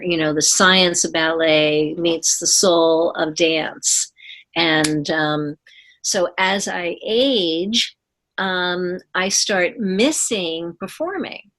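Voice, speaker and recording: An older woman in her seventies shares her life story in an interview. Her voice sits a little low, and she talks in an earnest, reflective way. She takes her time and often stops to restart a thought. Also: fairly bright tone. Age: 70s. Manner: earnest, unhurried, with pauses and restarts. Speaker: guest, former ballerina.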